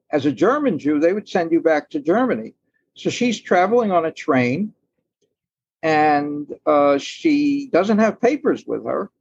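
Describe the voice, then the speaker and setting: Husky-voiced man telling stories. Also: fairly high pitch, a little mellow, lo-fi sound. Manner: thoughtful storyteller, acts out quoted lines. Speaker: guest author. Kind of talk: storytelling in a podcast interview.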